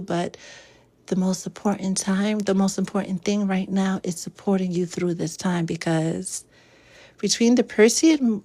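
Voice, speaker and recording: A woman hosting a spiritual livestream, greeting viewers by name with drawn-out hellos and slipping into soft whispered affirmations. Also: mid-range voice. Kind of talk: casual livestream chat.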